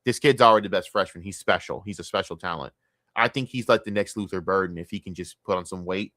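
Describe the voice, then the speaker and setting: A young man streaming a casual, profane and rambling sports rant, talking excitedly. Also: sits low, fast talker, no room sound, clean studio sound.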